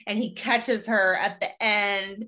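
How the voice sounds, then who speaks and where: A woman hosting a casual podcast chat, retelling a sitcom episode in a lively storytelling way with quick asides. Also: mid-range voice. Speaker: podcast host.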